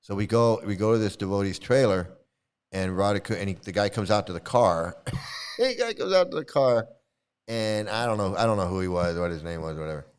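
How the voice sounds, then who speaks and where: A middle-aged man with a low, smooth voice tells a loose, rambling story to his viewers. He chuckles often, restarts his sentences, and slips into the voices of the people he quotes. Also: brisk. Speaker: commentary video host, former devotee. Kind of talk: casual storytelling monologue.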